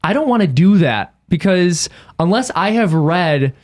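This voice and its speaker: A young man talking as a podcast guest, earnest and quick to laugh, often correcting himself mid-sentence. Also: high voice, lively intonation, a little mellow. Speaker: guest, cartoonist. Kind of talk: casual podcast chat.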